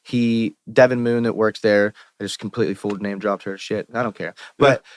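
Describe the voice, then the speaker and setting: A young man with a Pittsburgh accent, a musician guest telling stories on a podcast in an animated, profane way and acting out the people he quotes. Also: lowish voice, brisk, no echo. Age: young adult. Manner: animated, profane, quotes himself and others in lively asides. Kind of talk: casual podcast storytelling. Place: podcast studio.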